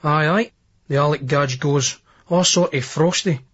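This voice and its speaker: A man's voice: a little high, normal speed, husky, muffled recording. A man with a Scottish accent narrating a novel in first person, in coarse dialect storytelling. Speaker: audiobook narrator.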